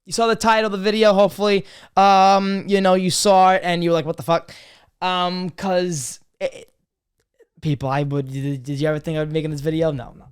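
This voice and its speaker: A man in his twenties hosting a casual confessional vlog, crude and swearing, swinging from loud joking greetings to quiet serious talk. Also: high-pitched, level tone, fairly quick, clean tone. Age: 20s. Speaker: podcast host.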